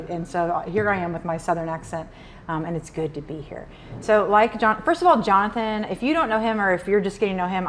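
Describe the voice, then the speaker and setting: A woman's voice: mid-range voice, a little hiss or hum. A woman from Nebraska giving a casual, chatty keynote talk at a luncheon. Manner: chatty, uses "like" and "y'all". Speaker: keynote speaker. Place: luncheon event room.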